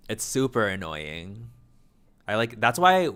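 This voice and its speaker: A man with a deep, low voice chatting casually with viewers during a live stream. He talks quickly in rambling, run-on thoughts, tripping over words with a slight stutter and the odd mumble. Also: big pitch swings, a bit bright, clear, resonant tone. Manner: fast talking, rambling.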